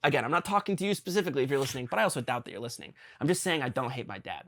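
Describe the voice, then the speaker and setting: A young man hosting a podcast, talking earnestly and confessionally with his father, halting with ums and restarts. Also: mid-range voice, lively intonation, a bit bright. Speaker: podcast host. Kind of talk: emotional conversation with his father.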